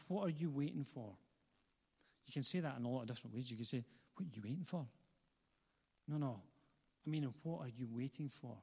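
A man preaching a sermon as pastor, earnest and building through repeated phrases, then leading a closing prayer. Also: mid-range voice. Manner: earnest, building repetition, gentle asides to congregation. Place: church hall. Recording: long reverb of a church hall.

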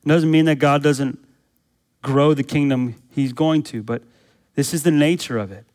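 A man's voice: fairly high pitch, fairly even intonation, normal speed, darkish tone. A man, a pastor, preaching a sermon with emphatic rhetorical questions and repeated phrases for emphasis.

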